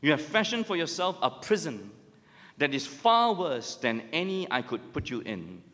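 A man's voice: big pitch swings, moderate pace, fairly bright tone. A man preaching a sermon, emphatic and full of rhetorical questions. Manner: emphatic, rhetorical questions, rises and drops in pitch. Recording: long hall reverb.

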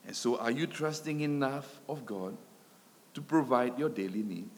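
A man's voice: medium pitch, expressive, moderate pace. A man preaching a sermon, swelling and dropping his volume with emphatic repetition, in a church hall. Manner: dramatic swells and drops in loudness, emphatic repetition. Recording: long hall reverb.

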